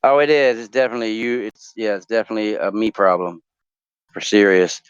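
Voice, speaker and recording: Rambling, joking male host; smooth, clear voice on a dry, slightly muffled recording. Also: lowish voice, fairly quick, no echo. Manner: rambling, joking, many fillers. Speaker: talk show host. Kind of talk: casual chat, asking would-you-rather questions.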